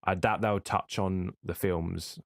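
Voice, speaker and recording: Casting: man, lowish voice, rambling podcast co-host, dry close sound. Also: steady tone, slow pace, vocal fry, no room sound. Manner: rambling, yawning, swears freely. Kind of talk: casual chat.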